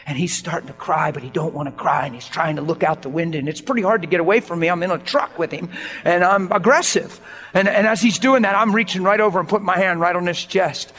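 A man preaching a sermon as a story, acting out the dialogue and swinging between hushed lines and shouts. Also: sits high, quick pace. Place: church hall. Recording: church hall reverb with faint music.

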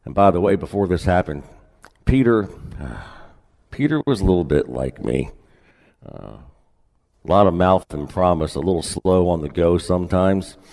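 A man pastor preaching a sermon in a relaxed, conversational way with folksy asides, in a church sanctuary. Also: deep voice, unhurried, creaky, long pauses, long reverb tail.

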